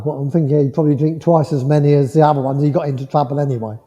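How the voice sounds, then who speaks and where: A man giving a mediumship demonstration to a congregation, speaking in a gentle, reassuring way and checking in often with the listener. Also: on the high side, steady tone, rapid-fire. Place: village hall. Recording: muffled hall sound with long reverb.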